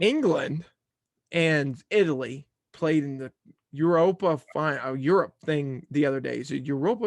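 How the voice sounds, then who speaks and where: A man's voice: on the high side, moderate pace, gravelly, no echo. A young man hosting a casual sports podcast, talking in an easygoing, rambling way. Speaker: podcast host.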